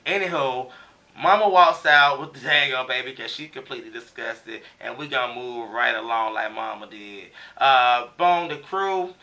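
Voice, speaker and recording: A man's voice: medium pitch, normal speed, sharp tone, distant mic. A man giving a casual recap of a TV episode, talking loosely with slang and lots of fillers. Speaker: TV show recap reviewer.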